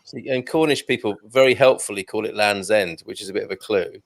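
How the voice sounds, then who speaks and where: A man's voice: lowish voice, fairly quick. A man hosting a casual online chat show, joking around and reading out viewer comments. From Britain. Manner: jokey, reads out viewer comments. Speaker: host.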